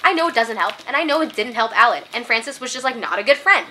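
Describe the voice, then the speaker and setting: Bright-voiced young woman reviewing books. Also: on the high side, lively intonation, fast. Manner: passionate and opinionated, gets worked up; reads quoted passages aloud. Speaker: book reviewer. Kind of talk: casual book review vlog.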